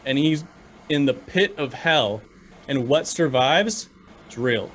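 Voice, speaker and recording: With a medium-pitched, animated and slightly bright voice, this podcast co-host speaks earnestly while choked with emotion, frequently breaking off and starting sentences over. The casual discussion has a bit of background noise.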